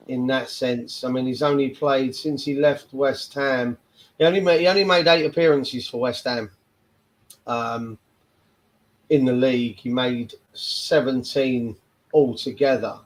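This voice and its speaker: A man hosting a casual football fan podcast, often pausing and restarting his sentences. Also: medium pitch, rough recording. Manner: hesitant, restarts with repeated words. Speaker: podcast host. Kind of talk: casual chat.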